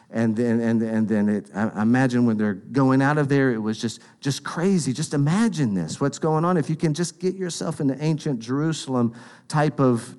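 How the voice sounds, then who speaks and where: A man's voice: mid-range voice, darkish tone. A man preaching a sermon in an earnest, conversational storytelling manner.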